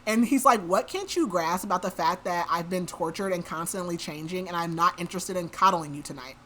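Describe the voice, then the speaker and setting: Bright-voiced chatty woman podcaster. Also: fairly low pitch, a little fast, slight background noise. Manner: chatty, says "like" a lot. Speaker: podcast host. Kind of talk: casual book recap.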